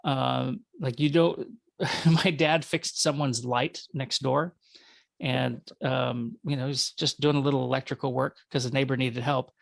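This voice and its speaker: A man's voice: medium pitch, steady tone, a little slow, creaky, dry recording. A man with a Minnesota accent, a guest talking casually, rambling with self-corrections and jokes. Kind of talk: conversational interview.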